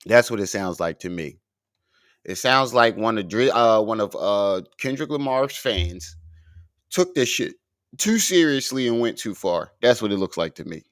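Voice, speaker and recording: A man riffs on clips for his stream in a mocking, argumentative way, swearing freely. His voice leaps up and down in pitch as he argues. The sound is dry and close. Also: animated, moderate pace, no room sound. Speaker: commentary streamer. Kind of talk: profane reaction commentary.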